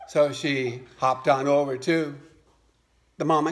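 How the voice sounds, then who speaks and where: Dad reading a kid a story, playful, takes his time. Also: on the high side. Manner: animated, playful, unhurried. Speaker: father telling a bedtime story. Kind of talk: storytelling to a child.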